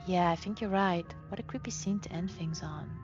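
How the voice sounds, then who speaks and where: A woman's voice: on the low side, a little fast, a little mellow. A woman hosting a let's play, chatting as she thinks aloud and reads the game text. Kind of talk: gameplay commentary, reading game text aloud. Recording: dull lo-fi sound with game music.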